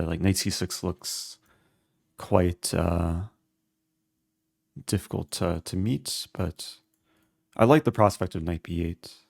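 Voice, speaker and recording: Man, chess streamer, live commentary, low voice, dry close sound. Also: gravelly, a little mellow, no room sound. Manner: thinking aloud while calculating moves.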